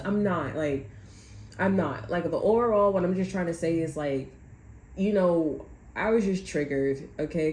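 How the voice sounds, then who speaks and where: A woman's voice: sits low, warm tone. A woman doing a casual vlog rant as a tarot reader, rambling, swearing and laughing often. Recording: echoey room with faint noise.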